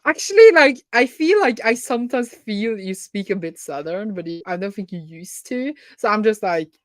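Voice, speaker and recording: A woman's voice: mid-range voice, animated, normal speed, no room sound. A woman from Norway with a Bergen accent, chatting casually with a friend during a reading sprint, giggly and full of fillers. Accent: Norwegian, Bergen. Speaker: booktuber co-host. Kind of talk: casual chat on a reading stream.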